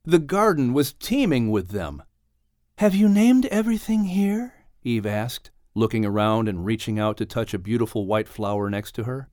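A man reading an audiobook aloud in calm, measured scripted narration. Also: on the low side, dry recording, clean studio sound.

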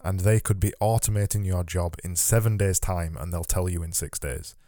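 A man's voice: deep voice, normal speed, mellow, no echo, clean studio sound. A man hosting a casual conversation, emphatic and repeating words as he starts sentences, a little worn in the voice. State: losing his voice. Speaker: podcast host.

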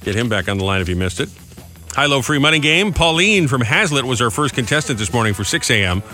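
A man's voice: medium pitch, big pitch swings, fast talker, pushed and bright, faint music behind. A middle-aged man co-hosting a morning radio show, chatty and self-deprecating in casual studio banter. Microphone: studio microphone.

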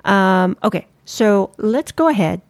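A woman's voice: mid-range voice, animated, a little slow, no echo. A woman co-hosting a podcast, chatting casually and teasing her partner. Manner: giggly, teasing. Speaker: podcast co-host. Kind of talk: casual chat.

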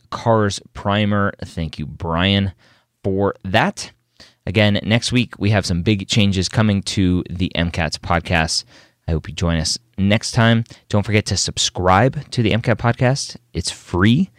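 Lower-voiced man hosting a podcast. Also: no echo, clean studio sound. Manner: relaxed, asks questions, brisk sign-off. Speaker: podcast host. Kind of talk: podcast interview and outro.

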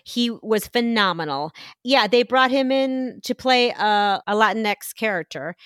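Woman podcast co-host, emphatic casual chatter, slightly high voice. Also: animated, unhurried, a bit bright, no echo, studio quality. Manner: emphatic, many "like" fillers. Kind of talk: casual chat.

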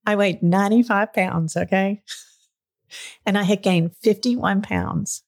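A woman's voice: mid-range voice, unhurried. A middle-aged woman telling a personal story in a candid, chatty way, sometimes getting emotional. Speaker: podcast guest. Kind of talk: casual storytelling chat.

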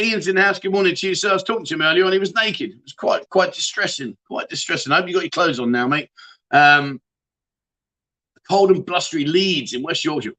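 A man's voice: sits high, sharp tone, rough recording. A middle-aged man hosting a casual livestream, greeting viewers by name and chatting in a jokey, matey way. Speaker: livestream host. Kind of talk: casual livestream chat reading viewer comments.

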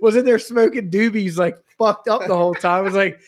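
A man's voice: high voice, fairly quick. A young man telling a comedic story as a podcast co-host, ranting profanely. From Pennsylvania.

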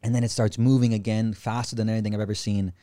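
A man on a podcast as a guest, telling a story in an animated, excitable, casual way, full of slang and swearing. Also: on the low side, fast, no room sound, studio quality.

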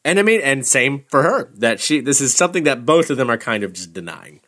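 A man in a relaxed podcast chat, swearing freely and laughing often. His voice sits at a middle pitch. He talks things over in an animated, loose way. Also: a little fast. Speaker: podcast co-host. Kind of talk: casual chat.

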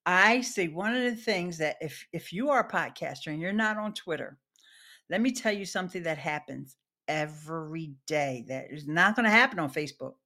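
A woman's voice: fairly low pitch, animated, moderate pace, pushed and bright. A woman guest on a live-streamed chat show, friendly and easy to laugh. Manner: friendly, greets viewers by name, laughs easily.

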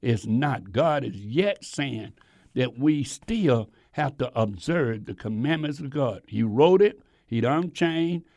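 A man's voice: medium pitch, lively intonation, slow, darkish tone, dry recording, studio quality. A man preaching a sermon in an emphatic, conversational way, asking his listeners rhetorical questions.

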